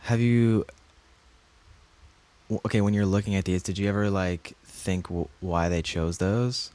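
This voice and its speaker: A man co-hosting a podcast in casual chat, halting and hesitant with many fillers. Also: low-pitched, steady tone, a little mellow. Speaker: podcast co-host.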